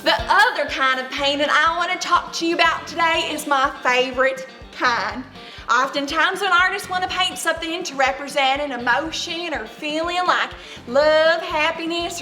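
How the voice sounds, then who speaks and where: Bright, high, unhurried female art teacher in a skit; echoey room, faint music. Woman acts it. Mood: cheerful. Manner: slow, sing-song, show-and-tell. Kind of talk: amateur stage skit.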